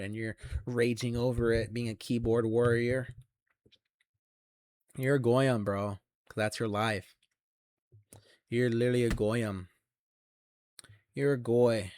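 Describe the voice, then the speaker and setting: A young man ranting to camera in an aggressive, taunting, heavily profane monologue that swells into shouts. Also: medium pitch, no echo, clean studio sound. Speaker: channel host.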